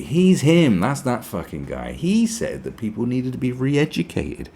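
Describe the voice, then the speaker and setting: A man's voice: medium pitch, huge pitch swings, a little slow, creaky, warm tone, a little hiss or hum. A man from Britain hosting a podcast, ranting sarcastically, swearing and mimicking people in mocking voices. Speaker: podcast host. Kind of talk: opinionated podcast monologue.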